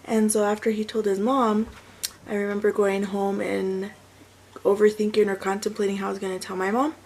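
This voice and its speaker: A woman's voice: medium pitch, flat delivery, brisk, darkish tone, slight background noise, low-quality recording. A woman in her thirties, a mother and vlogger, casually telling a personal story and correcting herself as she goes. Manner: chatty, self-correcting, rambling with fillers.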